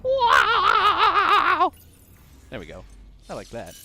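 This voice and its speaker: A man's voice: fairly low pitch, moderate pace, background noise. A young man streaming a video game, chatting casually and rambling with lots of fillers and silly outbursts. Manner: rambling, jokey, frequent "like" and "um", bursts into silly exclamations. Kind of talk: casual live gameplay commentary.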